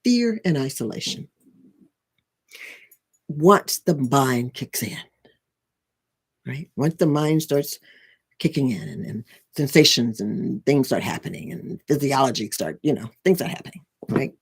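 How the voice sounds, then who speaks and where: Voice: medium pitch, expressive, measured pace, long pauses, breathy edge. A spiritual and life coach explaining ideas in a casual, rambling way, with frequent restarts and tag questions. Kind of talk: casual teaching talk.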